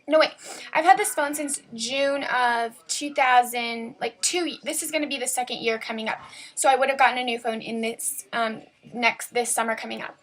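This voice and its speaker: Teen girl rambling thru a story on her vlog, lots of likes and ums, voice a bit on the high side. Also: steady tone, normal speed, a bit bright. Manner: chatty, rambling, full of "like" and "um". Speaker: vlogger.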